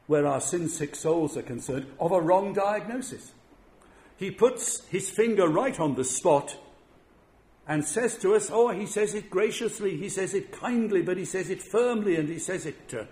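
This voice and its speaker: A man's voice: a little high, darkish tone, slight background noise. Earnest man preaching a sermon. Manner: earnest, repeats words while building a point.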